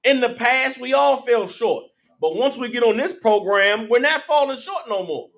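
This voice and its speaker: A man's voice: extremely high pitch, expressive, moderate pace, fairly bright tone. A man giving an emphatic, blunt street sermon full of slang. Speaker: religious teacher.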